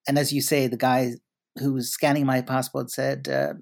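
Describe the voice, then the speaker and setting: A middle-aged man from Britain, a journalist being interviewed, telling stories in a wry, unhurried way with frequent restarts and fillers. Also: medium pitch, sing-song, creaky. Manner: anecdotal, hesitant with restarts, wry. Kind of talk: conversational interview.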